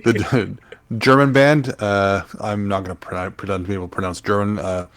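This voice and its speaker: Low-voiced man, halting podcast chat. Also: fairly even intonation, fairly bright tone. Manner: halting, many fillers while recalling names. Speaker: podcast co-host. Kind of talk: casual chat.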